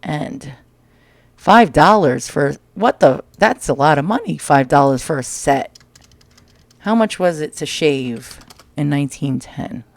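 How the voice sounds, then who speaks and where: A man's voice: on the high side, no echo. Wisecracking New York man, dry close sound. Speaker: vlog host. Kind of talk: casual read-through commentary. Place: small home. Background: dryer tapping.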